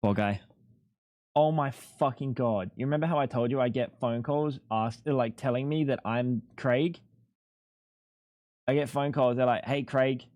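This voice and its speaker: A man's voice: medium pitch, measured pace, pauses often, darkish tone, dry recording. Young guy streaming, rambly n sweary, dead dry headset mic. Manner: swears freely, rambling and laid-back. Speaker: live streamer. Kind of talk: casual live-stream chat.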